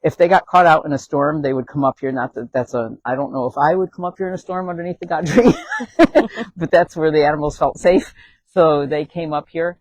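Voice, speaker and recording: A man's voice: a little high, fairly quick, a little mellow. A man with a slightly raised voice tells a long story on an outdoor tour of a hilltop, full of ums and little laughs. His rambling, casual delivery sounds close and dry, with no echo around it. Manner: rambling with many fillers and chuckles. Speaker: animal sanctuary founder.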